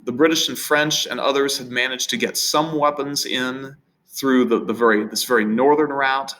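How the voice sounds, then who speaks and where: A man's voice: mid-range voice, fairly bright tone, poor audio. A man teaching a history lesson in an unscripted, conversational way, often repeating words and restarting phrases. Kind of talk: recorded history lecture.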